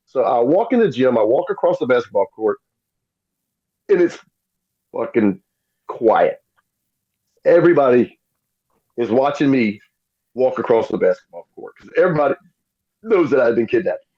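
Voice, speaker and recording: A man's voice: medium pitch, a little fast, long pauses, breathy edge, dull audio. A middle-aged man telling stories as a podcast guest and acting out the voices of the people in them. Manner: animated, acts out quoted voices. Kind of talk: casual storytelling.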